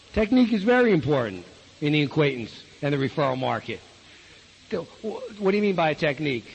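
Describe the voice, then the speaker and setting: A man giving a live sales training talk, blunt and folksy, firing rhetorical questions at his audience. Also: sits high. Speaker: business opportunity trainer. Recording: echoey hall with long reverb.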